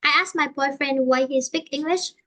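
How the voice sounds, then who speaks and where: A Vietnamese-accented woman teaching English online with a high, bright, forceful voice. She speaks haltingly, repeating and rephrasing her points as she explains.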